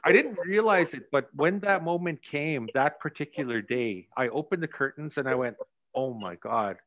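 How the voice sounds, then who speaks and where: A man's voice: on the high side, moderate pace, phone-quality sound. A man directing and coaching actors in a rehearsal, explaining scenes reflectively and sharing stories.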